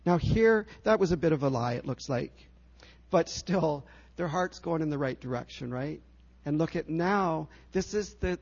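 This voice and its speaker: A man preaching a sermon as pastor, earnest and emphatic, slowing down to stress key phrases. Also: on the high side, vocal fry, darkish tone, muffled recording.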